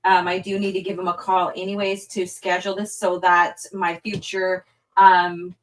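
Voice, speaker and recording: A woman's voice: on the low side, level tone, normal speed. Rambling woman host, distant mic. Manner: rambling, apologetic, many fillers. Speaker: livestream host. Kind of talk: casual livestream chat. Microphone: phone hotspot stream.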